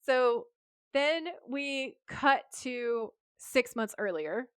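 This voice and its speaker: A woman co-hosting a podcast, recapping an episode in casual chat and acting out the characters' lines with quick shifts of voice. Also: a little high, lively intonation, a bit bright, clear, resonant tone, no room sound, clean studio sound. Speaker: podcast co-host.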